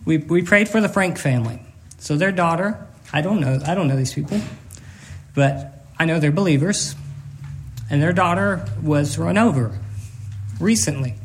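Male pastor, earnest sermon delivery, high-pitched voice, halting with repeated words, emotional and close to tears. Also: slight background noise.

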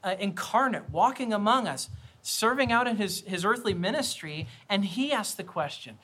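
Bright, high-voiced male preacher. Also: expressive, moderate pace, breathy edge. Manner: earnest, conversational preaching with repetitions. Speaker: pastor. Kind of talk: sermon.

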